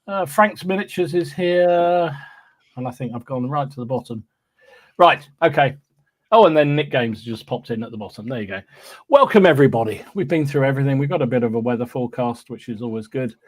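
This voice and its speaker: A man's voice: medium pitch, expressive, fairly quick. A man hosting a podcast, cheerfully reading out live chat greetings with frequent ums and restarts. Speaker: podcast host.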